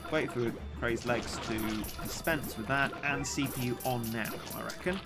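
A man's voice: mid-range voice, moderate pace, over loud music. A young man streaming a game, chatting casually and ranting in a self-mocking way between reading out chat messages. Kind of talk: casual live-stream chat while gaming.

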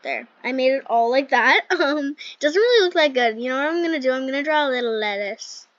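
A woman with a high, bright-pitched voice chats through her gameplay in a loose, giggly ramble packed with "like" fillers. The sound is close and dry, with a dull, lo-fi home-mic quality. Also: expressive, fairly quick, no room sound. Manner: chatty and giggly, lots of "like" fillers. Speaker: gaming channel host. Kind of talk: casual gameplay commentary.

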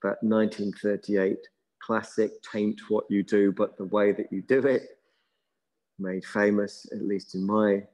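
A middle-aged man with a relaxed, musing manner, leading a yoga class and drawing out words slowly. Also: lowish voice, poor audio. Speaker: yoga teacher. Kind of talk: guided yoga class instruction.

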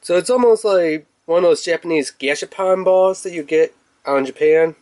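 A man casually reviewing and unboxing a toy, chatty and rambling, with bursts of excitement. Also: a little high, moderate pace, no echo. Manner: chatty, rambling with fillers, excitable when revealing toys.

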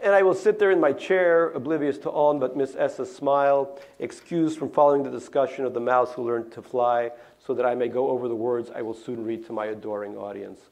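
A middle-aged man from Russia, an author, reading his memoir aloud in a lecture hall, with a wry, deadpan delivery and little spoken asides. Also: mid-range voice, brisk, few pauses.

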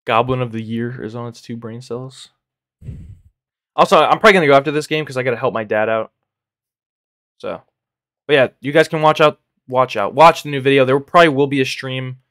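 A man's voice: medium pitch, brisk, long pauses, fairly bright tone, no echo, studio quality. Slangy young male game streamer. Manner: rambling, slangy, says "bro" constantly, laughs often. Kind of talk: casual live gameplay chat.

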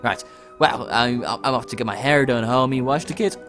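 A man's voice: mid-range voice, normal speed, a bit bright, faint music behind. A young man casually commenting on a game he plays, reading its lines aloud with playful outbursts. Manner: chatty, reads game dialogue aloud with playful exclamations. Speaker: let's play host.

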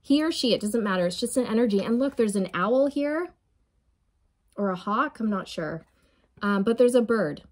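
A woman giving a channeled tarot reading, emphatic and encouraging, often repeating phrases and checking in with "okay?" and "right?". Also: fairly high pitch. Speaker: tarot reader.

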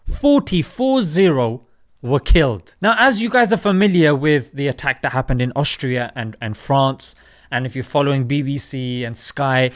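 A man delivering a heated commentary monologue. His voice sits high and moves a lot, rising sharply on questions. He pushes each point with emphasis and a conversational edge. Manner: animated, emphatic, rhetorical questions. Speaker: host. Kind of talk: opinion vlog commentary.

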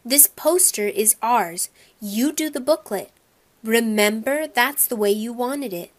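A woman's voice: on the high side, measured pace, close to an everyday voice. A woman voicing a defiant schoolboy who talks back in a blunt, mocking way.

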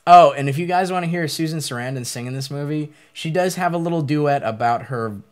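A man co-hosting a horror movie show, retelling scenes in casual, animated chat. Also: fairly high pitch, brisk. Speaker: co-host.

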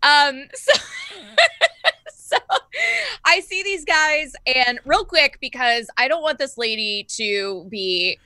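Female player, high lively voice, slow delivery, dry close sound, playful. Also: no room sound. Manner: playful, theatrical, speaks slowly and bursts into laughter. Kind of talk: playing a character in a tabletop game.

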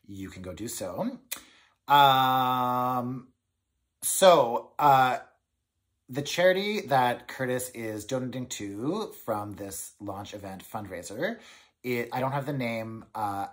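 A man with a lowish voice hosts a knitting podcast, chatting casually to camera. He is excitable and rambling, with many fillers.

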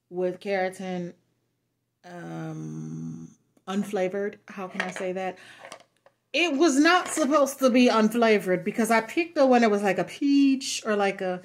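A woman vlogger chatting casually through product reviews, blunt and frank, cussing freely and laughing often. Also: mid-range voice. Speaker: beauty and lifestyle vlogger.

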